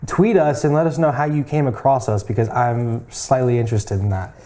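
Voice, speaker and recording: Young male co-host, mellow mid voice, rambling and jokey. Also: mid-range voice, fairly even intonation, brisk. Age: young adult. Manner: joking, rambling, repeats words. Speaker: podcast co-host. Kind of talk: casual chat.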